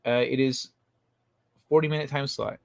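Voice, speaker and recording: A man's voice: medium pitch, fairly even intonation, normal speed, gravelly, no room sound. A man hosting a casual livestream, rambling through tangents, reading chat comments aloud, laughing often and swearing freely. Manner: rambling, with frequent fillers and tangents. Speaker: livestream host.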